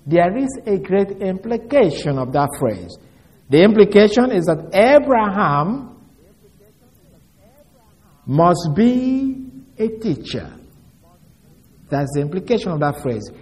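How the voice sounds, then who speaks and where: Male preacher, slightly high voice, animated intonation, deliberate teaching delivery. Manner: slow, deliberate, explains word by word with emphasis. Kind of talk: sermon teaching from scripture.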